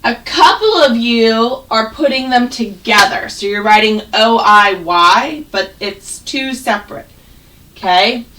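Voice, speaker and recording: A woman teaching first grade on a video call, sounding out words slowly and clearly for young children. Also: on the high side, pushed and bright, far from the mic, rough recording. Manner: slow, exaggerated sounding out of words. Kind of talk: online phonics lesson. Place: home, on a video call with students.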